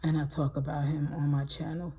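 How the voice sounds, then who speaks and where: Low, husky, emotional woman storyteller. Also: flat delivery, a little fast, dark tone. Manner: emphatic, repeats words for weight. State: emotional, near tears. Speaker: channel host. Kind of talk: reflective storytelling monologue.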